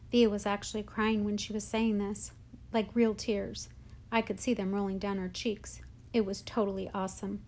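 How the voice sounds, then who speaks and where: Woman read-aloud host, clear, expressive novel narration. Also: medium pitch, normal speed.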